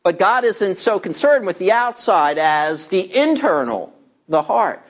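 A man's voice: high-pitched, big pitch swings, unhurried. A man preaching a verse-by-verse sermon, emphatic and teacherly, asking questions and answering them himself. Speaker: pastor.

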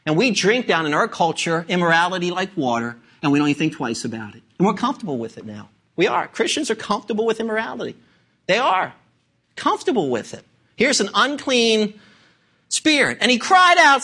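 Animated, bright-voiced male preacher. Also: sits high, a little fast, husky. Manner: emphatic, full of rhetorical questions. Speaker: pastor. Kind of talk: sermon.

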